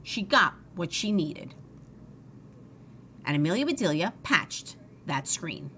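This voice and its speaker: A woman reads a children's storybook aloud in an expressive, sing-song way. Her voice is bright and lively in pitch, and a faint hiss sits beneath it. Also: slow pace. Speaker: storybook reader. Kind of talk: reading a children's book aloud.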